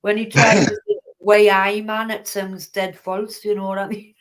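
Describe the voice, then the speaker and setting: A woman chats easily as a guest on a livestream. Her voice sits at an ordinary middle pitch and her talk is loose and conversational. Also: flat delivery, moderate pace. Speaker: chat guest. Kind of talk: casual chat.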